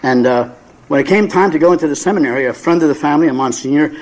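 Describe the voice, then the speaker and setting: A man in his seventies with a fairly high voice, spinning self-mocking stories for a room of listeners. He talks in a folksy, unhurried way, stumbling through plenty of "uh"s and repeated words along the way. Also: darkish tone, poor audio. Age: 70s. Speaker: recovery meeting speaker. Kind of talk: humorous personal storytelling to an audience.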